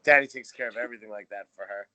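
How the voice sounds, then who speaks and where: A man's voice: medium pitch, racing, crowd noise, low-quality recording. A man co-hosting a podcast, chatting casually and sarcastically about a sitcom episode, swearing now and then. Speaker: podcast co-host.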